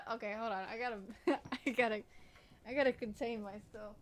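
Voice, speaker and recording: A woman's voice: on the high side, steady tone, moderate pace. A young woman streaming a game, chatting casually, giggling and swearing often. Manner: giggly, swears a lot, reads game text aloud. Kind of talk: casual gameplay commentary.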